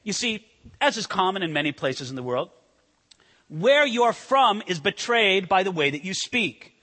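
A man preaching a sermon, swinging between loud emphasis and hushed intensity. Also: high-pitched, big pitch swings, moderate pace, long reverb tail. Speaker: pastor.

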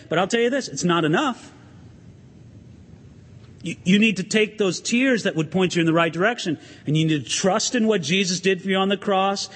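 In a church with a long reverb tail, a pastor with a high-sitting voice preaches an animated sermon. He asks the congregation questions and swings his emphasis up and down.

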